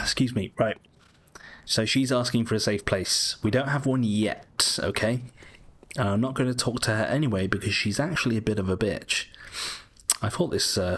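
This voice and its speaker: A man's voice: lowish voice, moderate pace, fairly bright tone, husky. A British man giving casual, rambling commentary over a video game, often correcting himself. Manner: chatty, rambling, self-correcting. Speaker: gaming YouTuber.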